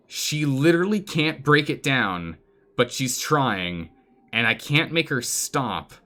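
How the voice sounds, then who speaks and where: Animated man streaming gameplay. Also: mid-range voice. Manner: animated, exclaims and pleads with game characters. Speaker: streamer playing a colony game. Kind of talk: live gameplay commentary.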